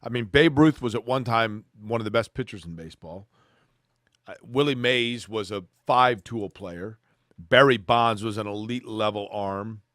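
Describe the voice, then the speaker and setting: Man co-hosting sports talk, measured pace, dry close mic, does ad reads. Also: on the low side, a bit bright, dry recording. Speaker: sports show co-host. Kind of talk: casual sports talk and live read ads.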